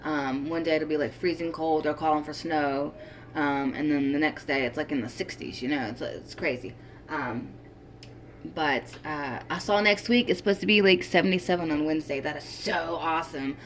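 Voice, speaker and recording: Chatty young woman, lowish voice. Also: fairly even intonation, normal speed, a little hiss or hum. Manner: chatty, rambling, with many fillers and restarts. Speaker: vlogger. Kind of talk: casual commentary vlog.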